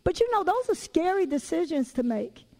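A woman with a high voice delivers a sermon, weaving personal stories into it. Her talk is lively and conversational, full of casual everyday phrasing. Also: normal speed, low-quality recording. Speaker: preacher.

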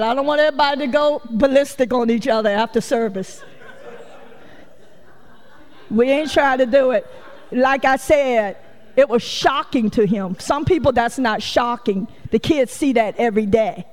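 A woman's voice: on the high side, moderate pace, big-room sound. A woman preaching a folksy, conversational sermon, acting out quotes and laughing often. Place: church sanctuary.

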